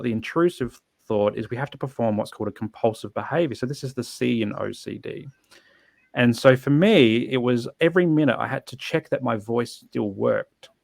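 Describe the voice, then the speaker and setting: A man's voice: medium pitch, gravelly, a little mellow, no room sound. A man telling his personal story as a podcast guest, earnest and reflective, often restarting his sentences.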